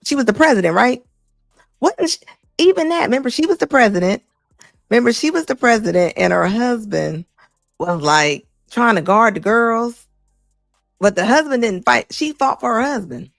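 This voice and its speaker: Blunt gravelly woman commentator. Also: on the high side, expressive, moderate pace, no echo, clean studio sound, faint music behind. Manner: blunt, emphatic, repeats lines for effect. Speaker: commentary host. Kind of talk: casual reaction commentary.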